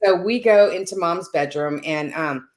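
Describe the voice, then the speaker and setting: A woman's voice: on the low side, normal speed. A woman guest telling a personal story in conversation, earnest and chatty, often checking in with "right?".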